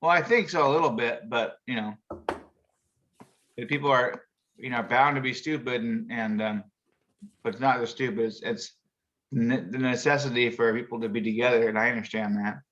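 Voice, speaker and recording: A bright, forceful male voice hosts a relaxed chat show, wandering through jokes he reads off a screen with plenty of chuckles and restarts. The sound is a little muffled, as if it comes through a video call. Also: mid-range voice, moderate pace. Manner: chuckling, rambling joke-teller. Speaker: show host. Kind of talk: casual chat, reading jokes.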